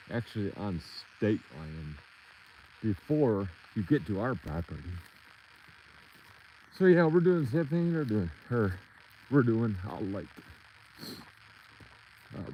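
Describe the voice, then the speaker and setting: A man's voice: on the low side, darkish tone, slight background noise, poor audio. Breathless man rambling on a walk. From Michigan. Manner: rambling, talks to his dogs between thoughts. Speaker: livestreamer walking his dogs. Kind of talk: casual livestream chat while walking. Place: outdoors on a rural property edge.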